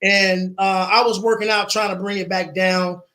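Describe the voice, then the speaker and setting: As a guest in an online interview, a man shares his personal story earnestly, repeating phrases for emphasis. His high-pitched voice is pushed and bright, delivered flatly at normal speed.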